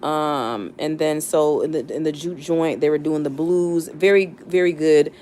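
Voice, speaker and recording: A young woman talks casually on a live stream, thinking aloud with plenty of fillers and restarts. Her voice sits a little low for a woman, and her talk stays loose and conversational throughout. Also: a little slow, warm tone, a little hiss or hum. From United States, not the South. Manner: chatty and reflective, many fillers and restarts. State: near tears. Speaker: livestream host.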